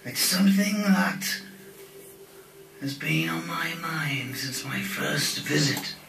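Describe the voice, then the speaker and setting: A man's voice: fairly high pitch, slow pace, vocal fry, background noise. A man performing in an amateur puppet show, theatrical and storytelling, playing it up for laughs. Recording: echoey room, far from mic, music behind.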